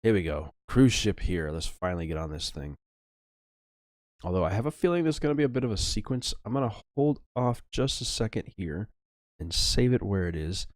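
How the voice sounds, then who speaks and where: A man's voice: fairly low pitch, very animated, normal speed, a little mellow, dry recording, clean studio sound. A young man giving casual, chatty let's-play commentary over an old adventure game, swearing offhandedly.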